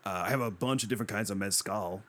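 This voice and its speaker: A man's voice: on the low side, fast talker, a bit bright. A man hosting a comic podcast, hesitant and full of uh's. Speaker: podcast host.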